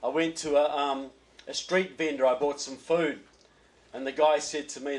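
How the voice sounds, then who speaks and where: A man's voice: on the high side, level tone, normal speed, a little mellow, rough recording. A man with a New Zealand accent, a guest speaker giving a political speech at a reception, folksy with joking asides and repeated words as he starts phrases.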